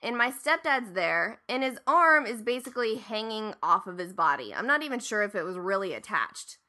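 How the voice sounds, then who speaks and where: A woman's voice: medium pitch, very animated, normal speed, pushed and bright. A woman in her thirties from Ohio, telling a family story in casual chat, acting out quoted lines and swearing freely.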